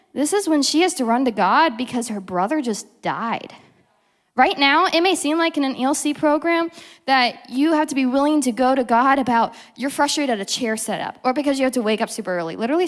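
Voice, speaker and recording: A young woman with a fairly high voice gives a casual devotional talk, chatty and full of fillers. She often slips into acting out the quotes she tells. Her voice carries a long reverb, as if she is in a large hall. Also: expressive, brisk. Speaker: program teacher giving a devotional talk.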